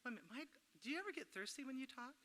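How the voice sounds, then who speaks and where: A woman's voice: high voice, lively intonation, racing, a bit bright, slight background noise. A middle-aged woman giving a folksy, chatty workshop talk at a women's church camp, telling homey stories and joking with the audience. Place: camp meeting hall. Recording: echoey hall.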